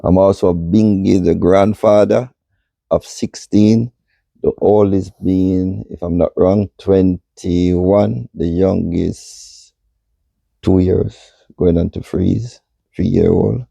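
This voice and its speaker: A man in his sixties, hoarse after losing his voice, giving slow, measured answers as a podcast guest. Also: low voice, steady tone, warm tone, dry recording. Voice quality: gravelly, husky. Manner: slow, measured and unhurried, speaks in long pauses. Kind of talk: reflective interview answers.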